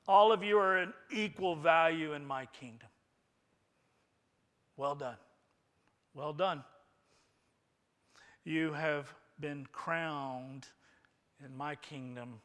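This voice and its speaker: A male preacher voicing God as a tender, welcoming heavenly father, his voice rising to loud proclamation and falling to a hush. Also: a little high, long reverb tail. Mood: proclaiming. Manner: swells to loud proclaiming, then drops to hushed.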